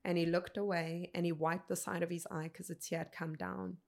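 A woman in her thirties, a podcast guest telling a personal story in an earnest, unhurried way. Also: fairly low pitch, flat delivery, gravelly, a little mellow. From South Africa. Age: 30s.

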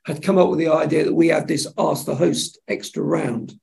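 A man, a television executive, telling lively anecdotes in an interview and acting out the dialogue. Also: a little high, normal speed, vocal fry. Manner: animated storyteller acting out dialogue. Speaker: television executive, podcast guest.

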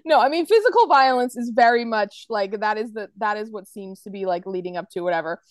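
A woman's voice: mid-range voice, lively intonation, a little fast, no echo. An American woman co-hosting a podcast in casual chat, rambling through her points and acting out quotes from scenes. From United States. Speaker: podcast co-host.

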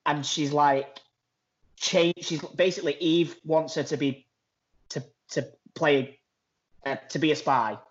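A man's voice: on the high side, fairly even intonation, measured pace, dull audio. Chatty Manchester man on a call. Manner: chatty, laughing, trailing off. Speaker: podcast co-host. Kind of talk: casual chat. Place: outdoors in a garden.

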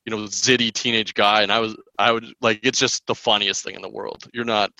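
A man with a bright, sharp voice of middling pitch chats in a relaxed podcast conversation. He is easygoing and keeps laughing at his own stories. The sound is close and dry. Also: a little fast, gravelly, dry recording, low-quality recording. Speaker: guest. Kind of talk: casual chat.

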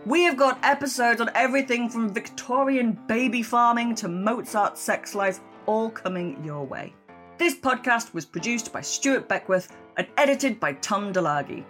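A woman's voice: fairly high pitch, normal speed, fairly bright tone, soft background music. A woman hosting a history podcast, friendly in conversation and reading a scripted outro. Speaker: podcast host.

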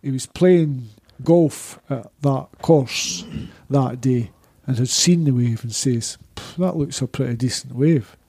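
A Scottish man, a podcast guest, telling one rambling, excited anecdote after another in casual chat. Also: mid-range voice, slow pace, hardly any pauses, breathy edge.

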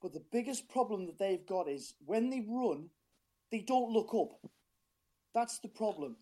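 A man's voice: high voice, lively intonation, measured pace, warm tone. Passionate man with a strained voice. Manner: passionate, frustrated, rambling with restarts. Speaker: caller, football fan. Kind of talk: casual phone-in chat.

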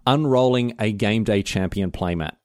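A young Australian man with a city accent co-hosts a podcast, his lowish voice captured in a dry, clean studio recording. He's chatty and self-mocking, tossing in quick asides during the casual banter.

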